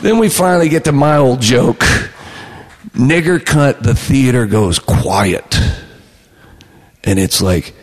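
A man's voice: medium pitch, expressive, slow, long pauses, in a large hall. A man, a comedy writer, telling stories in a casual interview and acting out the lines of other people. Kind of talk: casual storytelling.

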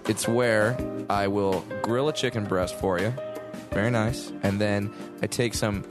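A man's voice: lowish voice, steady tone, unhurried, over music. A man co-hosting a podcast, teasing and making fun of himself in casual banter. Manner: teasing, self-mocking, laughs often.

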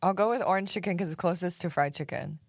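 A woman's voice: fairly low pitch, fast, no echo, clean studio sound. A woman guest on a podcast, a comedian in easygoing casual chat who laughs often.

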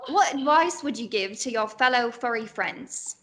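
A woman's voice: fairly high pitch, lively intonation, moderate pace, fairly bright tone. A woman voicing an eager male cat with a put-on Cockney British accent and a cheeky, chirpy manner.

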